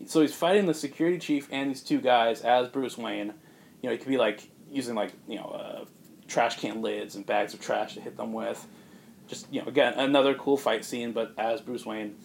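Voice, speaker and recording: Man, casual podcast chat, rambling storyteller, filler words, mid pitch. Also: steady tone, vocal fry, a little hiss or hum. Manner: rambling, many fillers, quick voice changes for characters. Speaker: podcast co-host pitching a movie.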